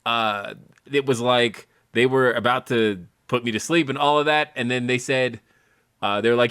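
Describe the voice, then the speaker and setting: Young guy with a lisp from mouth surgery, rambly podcast chat, bright crisp voice, dry sound. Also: mid-range voice, fairly even intonation, normal speed, no echo. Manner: rambling storytelling with many fillers. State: lisping after oral surgery. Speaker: podcast co-host.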